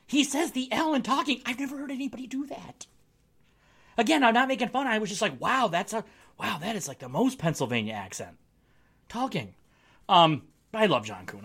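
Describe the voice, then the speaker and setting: A male podcast host riffing on his team's latest game in a loose, joking way, with frequent laughs. His voice is bright and forward, and his pitch rises and falls a lot. He sounds casual and chatty. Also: expressive, fairly quick, husky. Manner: joking, wry, laughs often. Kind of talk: casual solo sports podcast.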